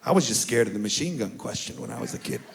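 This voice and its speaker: Animated male stand-up comic. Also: mid-range voice, fast talker, a little hiss or hum. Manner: animated, shouts and mimics family members in punchlines. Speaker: stand-up comedian. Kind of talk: stand-up comedy set. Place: comedy club stage.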